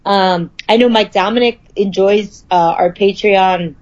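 A woman's voice: mid-range voice, measured pace, highs cut off. A woman in her thirties, a podcast co-host in casual chat, blunt and swearing, laughing often. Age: 30s.

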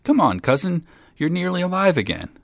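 A man's voice: lowish voice, animated, moderate pace, creaky, a bit bright, dry recording. A man voicing a brave, naive young man who cannot learn to shudder, in an eager, cheeky way. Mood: cheerful.

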